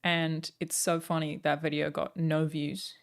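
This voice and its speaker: Chatty woman streamer, low voice. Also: level tone, a little slow, creaky. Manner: chatty, full of "like" and "um" fillers. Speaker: streamer and game writer. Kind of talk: casual live-stream chat answering chat questions.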